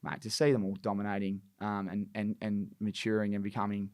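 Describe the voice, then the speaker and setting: A man's voice: lowish voice, monotone, brisk, a little mellow, dry recording, clean studio sound. A young man on a podcast, telling stories in a laid-back way with plenty of fillers. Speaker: podcast guest, former footballer. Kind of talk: casual chat.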